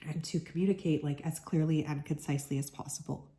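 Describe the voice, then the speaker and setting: A woman with a sick, hoarse voice giving a chatty collective card reading as a tarot reader, full of "like" fillers. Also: deep voice, steady tone, fast, warm tone. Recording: echoey room.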